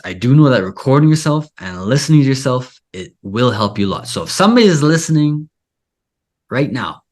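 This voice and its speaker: A man's voice: mid-range voice, a little mellow. A man hosting a casual interview, talking in a rambling way full of filler "like". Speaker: podcast host and Spanish teacher.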